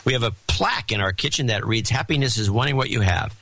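A man's voice: mid-range voice, animated, quick pace, a bit bright, no room sound. A middle-aged man co-hosting a podcast, reading listener notes aloud with theatrical flair. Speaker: podcast co-host.

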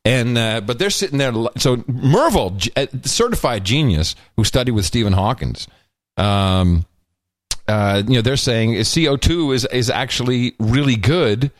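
A man's voice: mid-range voice, expressive, moderate pace, no echo, clean studio sound. A man co-hosting a casual political podcast, wisecracking and rambling with plenty of fillers. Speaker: podcast co-host.

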